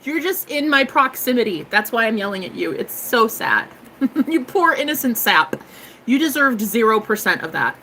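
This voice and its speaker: A woman reads tarot in a loose live-stream chat, her fairly high voice swinging widely up and down. She talks with a bright, sharp edge, swears freely and keeps laughing between thoughts. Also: moderate pace, a little hiss or hum, poor audio. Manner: animated, swears freely, laughs often, breaks into song. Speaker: tarot reader.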